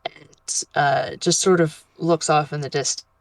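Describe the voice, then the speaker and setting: A woman's voice: sits low, fairly even intonation, unhurried, creaky. A woman playing a tabletop role-play, hesitantly describing what her character does. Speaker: player.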